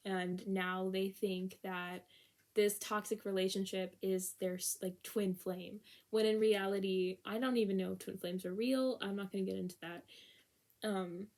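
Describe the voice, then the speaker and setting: A woman's voice: mid-range voice, a little mellow, slight background noise. A young woman giving a casual tarot reading, candid and exasperated, laughing often and swearing freely. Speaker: tarot reader.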